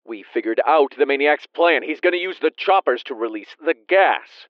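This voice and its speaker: A woman's voice: deep voice, expressive, normal speed, no echo, lo-fi sound, pitched below the performer's own voice. A woman voicing an urgent, commanding man speaking to his girlfriend over an earpiece in a storybook.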